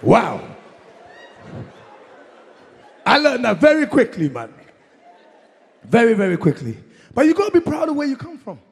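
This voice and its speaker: A young man from Congo doing a stand-up comedy set, energetic, shouting punchlines and acting out his parents. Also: very high-pitched, unhurried, vocal fry, pauses often, slightly rough, a faint crowd. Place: comedy concert stage. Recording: live show in a hall with long reverb.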